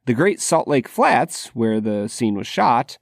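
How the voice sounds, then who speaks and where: A man co-hosting a podcast, telling stories in a relaxed casual way. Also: mid-range voice, takes it slowly, creaky, no echo, clean studio sound. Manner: relaxed storyteller, many "like" fillers. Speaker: podcast co-host.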